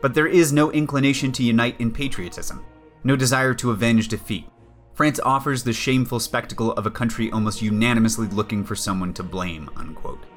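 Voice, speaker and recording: Man, history narration, measured delivery, reads quotes aloud, faint music behind. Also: medium pitch, fairly bright tone. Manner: measured, with pointed asides.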